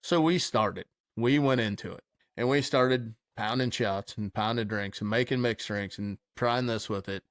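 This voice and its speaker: A man's voice: on the low side, normal speed, no echo, studio quality. Man telling a wild story with gusto. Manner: animated, swearing, laughing storyteller. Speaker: podcast co-host. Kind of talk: casual storytelling chat.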